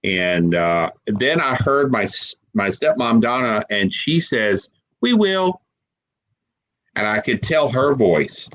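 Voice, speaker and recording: A man with a somewhat low voice tells a personal story as an interview guest. He speaks haltingly, repeating words as he goes. He sounds close to tears. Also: expressive, fairly bright tone, poor audio. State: holding back tears. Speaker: guest paranormal investigator.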